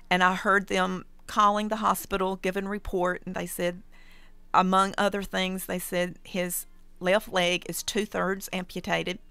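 A woman's voice: medium pitch, clear, resonant tone, no echo. Earnest woman telling a testimony. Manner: calm, earnest storytelling. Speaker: radio guest sharing testimony. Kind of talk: personal testimony storytelling.

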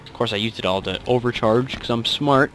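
A young man commenting on his own gameplay, excitable, swearing and muttering asides. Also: mid-range voice, brisk, soft background music. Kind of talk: let's play commentary.

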